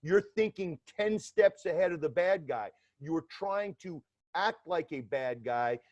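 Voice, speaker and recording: Male guest, fifties, New York accent, wry and streetwise, slightly high voice, dry lo-fi sound. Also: lively intonation, a little slow, a little mellow, no room sound. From Atlanta, Georgia, US South. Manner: blunt, streetwise, wry humor. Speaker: guest, former FBI undercover agent. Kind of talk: casual interview talk.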